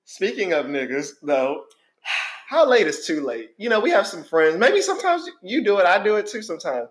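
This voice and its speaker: A man's voice: high voice, big pitch swings, moderate pace. A man co-hosting a podcast, chatting casually and joking, often laughing. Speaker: podcast co-host. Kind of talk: casual chat.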